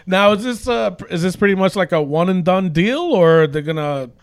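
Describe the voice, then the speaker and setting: A man's voice: high-pitched, animated, normal speed, clean tone, no room sound, clean studio sound. A man co-hosting a podcast, asking questions and reacting with short exclamations. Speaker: podcast co-host. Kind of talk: podcast interview.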